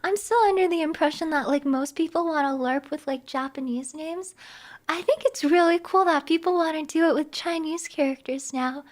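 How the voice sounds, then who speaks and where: Super high-pitched young woman streamer, giggly, keeps tripping over her words. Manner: giggly, animated, talks fast with many restarts. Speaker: live streamer. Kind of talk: casual chat with stream viewers.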